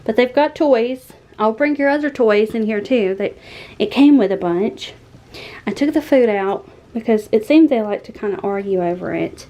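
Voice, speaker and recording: A woman, chatting casually at home and cooing to her cats in a high sing-song voice. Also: normal speed, mellow, rough recording. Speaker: vlogger. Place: home room with pets.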